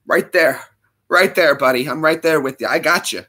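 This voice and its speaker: A man's voice: on the high side, moderate pace, bright, forceful tone. A man hosting a livestream, rambling through jokes that amuse himself in casual chat. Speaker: livestream host. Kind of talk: casual joking stream chat.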